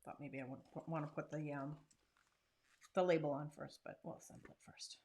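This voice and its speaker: A woman's voice: deep voice, steady tone, a little fast, darkish tone. Chatty woman demonstrating crafts. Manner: chatty and self-deprecating, talks while working. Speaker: craft channel host. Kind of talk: casual crafting tutorial.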